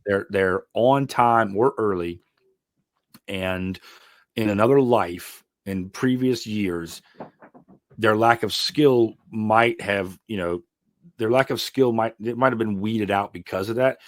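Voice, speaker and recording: A man with a lowish voice, an ironworker and mentor appearing as a podcast guest, speaks slowly and gives earnest, emphatic advice full of fillers in a casual interview chat. The recording is studio quality with no echo.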